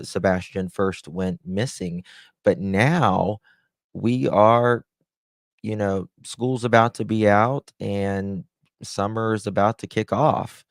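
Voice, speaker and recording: A man hosting a true-crime livestream, talking slowly with a gravelly edge in a low-ish voice. He chats casually, greeting viewers by name and reading their comments aloud. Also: dry recording, studio quality.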